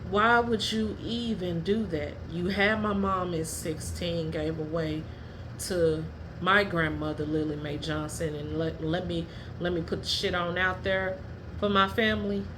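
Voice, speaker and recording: A woman hosting her own podcast, telling personal stories in a blunt, profane and heated way, at times dropping low and quiet. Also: fairly even intonation, unhurried, noisy background. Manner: drops low and quiet when telling family matters. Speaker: podcast host. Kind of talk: candid personal storytelling.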